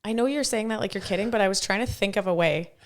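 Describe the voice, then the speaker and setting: A middle-aged woman with a hoarse voice, chatting enthusiastically as a podcast co-host. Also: medium pitch, fast. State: hoarse, recovering from lost voice. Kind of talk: casual podcast chat.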